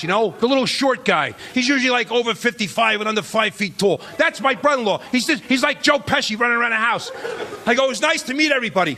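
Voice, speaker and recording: A man's voice: very high voice, sharp tone. A man doing a stand-up comedy set on a club stage, talking conversationally and checking in with the crowd, sometimes acting out people in put-on voices. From Irish-American, New Jersey area. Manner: acts out relatives and strangers in put-on voices. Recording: live club recording with crowd laughter and noise. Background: audience laughter and club noise.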